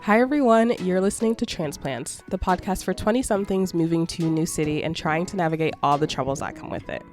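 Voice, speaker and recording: A woman's voice: fairly low pitch, fast, darkish tone, faint music behind. A woman in her twenties hosting a casual solo podcast, chatty and sassy, talking through a congested nose and sore throat. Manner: chatty and sassy, calling listeners babes and girl. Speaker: podcast host.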